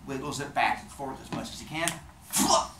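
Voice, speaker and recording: A man telling a comic myth in an animated, playful way, hosting his show. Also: mid-range voice, fast, very noisy. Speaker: storyteller host. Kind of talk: comic storytelling. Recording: roomy echo.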